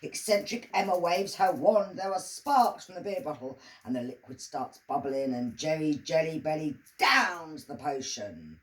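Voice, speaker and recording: Casting: woman storyteller, lower voice, very animated reading of a crude rhyming tale. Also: a little slow, hardly any pauses, poor audio. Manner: lively, sing-song storytelling with crude humor. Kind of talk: reading her own comic rhyming story.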